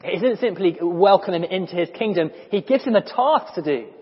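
Animated preacher in an echoing church. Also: male voice, high-pitched. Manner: animated and conversational, with small restarts and quick asides. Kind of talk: sermon. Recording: dull lo-fi recording in a reverberant church hall.

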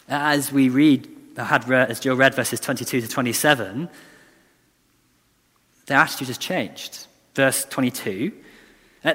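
A man's voice: fairly high pitch, sharp tone. A man preaching a sermon in an earnest, conversational way, often restarting and repeating lines for emphasis. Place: church. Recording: long church reverb.

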